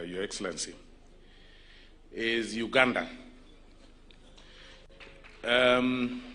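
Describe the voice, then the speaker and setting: A man giving a formal speech at a prayer event, measured and hesitant, with frequent fillers. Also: mid-range voice, sharp tone.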